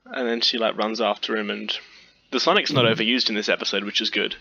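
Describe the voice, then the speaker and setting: Bright-voiced rambling man, casual chat. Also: lowish voice, steady tone, fast talker, gravelly, slightly rough, highs cut off. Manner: rambling, many fillers.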